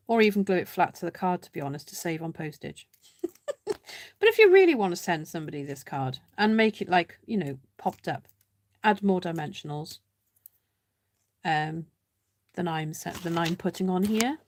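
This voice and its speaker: A woman with a fairly low voice hosts a live card-making demo, chatting casually and thinking out loud as she works. She teases herself and greets viewers by name, and there's no echo on the recording.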